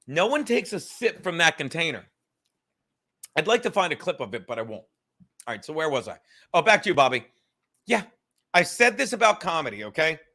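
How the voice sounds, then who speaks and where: A man hosts his own podcast in a high, bright voice. He rants heatedly and swears through nearly every sentence. He breaks off now and then to answer his chat. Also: sing-song, fairly quick, pauses often. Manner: profane, heated, ranting. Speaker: podcast host. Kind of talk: profane ranting monologue reading chat comments.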